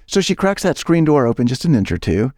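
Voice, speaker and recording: Deadpan man spinning a comic tall tale. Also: mid-range voice, fairly quick, no room sound, clean studio sound. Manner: deadpan, mock-earnest tall-tale telling. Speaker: podcast co-host. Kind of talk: improvised comedy storytelling.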